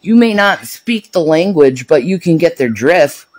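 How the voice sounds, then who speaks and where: Woman vlogger rambling casually, lots of pitch swings, cusses a lot. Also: lively intonation, measured pace, darkish tone, low-quality recording. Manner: chatty, swears freely, laughs often. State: out of breath. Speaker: vlog host. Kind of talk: casual chat.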